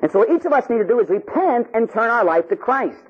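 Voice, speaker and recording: A Catholic priest preaching an animated, jokey sermon, acting out little scenes for his listeners. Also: very high-pitched, fast talker, husky, phone-quality sound. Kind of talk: lively sermon with acted-out stories.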